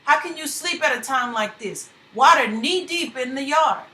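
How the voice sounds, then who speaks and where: A woman's voice: sits high, animated, moderate pace, pitched above the performer's own voice. Woman voicing a stubborn drowsy Southern man. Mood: urgent. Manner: drawling Southern dialect, loud. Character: grown man, stubborn and sleepy, refusing to flee. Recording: echoey room.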